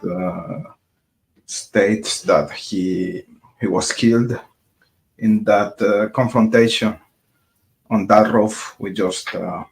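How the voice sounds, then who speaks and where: A man talks through his vlog in English, his coming through. He speaks slowly and haltingly, filling gaps with frequent hesitations. His voice sits a little on the low side. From Colombia. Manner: hesitant, many filler pauses. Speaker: vlogger. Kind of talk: casual vlog narration.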